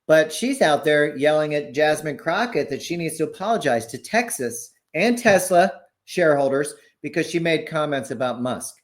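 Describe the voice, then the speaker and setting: A man's voice: on the high side, expressive, normal speed, hardly any pauses. Chatty podcast man explaining news. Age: 40s. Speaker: podcast co-host. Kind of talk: casual political chat.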